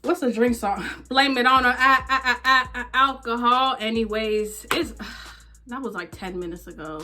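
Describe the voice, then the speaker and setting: A young woman casually telling a story to her vlog audience, animated, acting out the people in it. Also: mid-range voice. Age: young adult. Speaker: vlogger.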